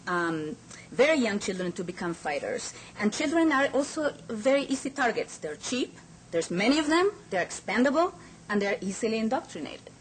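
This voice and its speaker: A woman's voice: medium pitch, slight background noise, low-quality recording. A woman speaker giving a lecture at an academic forum, in an earnest, emphatic manner. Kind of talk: conference lecture.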